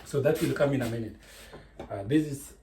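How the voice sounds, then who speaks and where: A man's voice: medium pitch, brisk, mellow. A man with a Kenyan accent giving a chatty, digressive home cooking tutorial from his kitchen, explaining each step. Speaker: home cook. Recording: echoey kitchen with faint noise.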